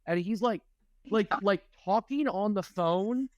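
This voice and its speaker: A man in his thirties co-hosting a podcast, telling an animated story in casual chat. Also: high-pitched, unhurried, a little hiss or hum. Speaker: podcast co-host.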